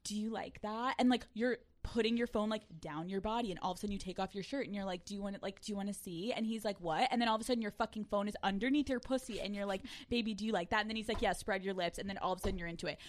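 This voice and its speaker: A woman hosting a comedy podcast, brash and loud, reacting quickly and acting out quotes. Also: mid-range voice, steady tone. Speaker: podcast host. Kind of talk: raunchy casual chat.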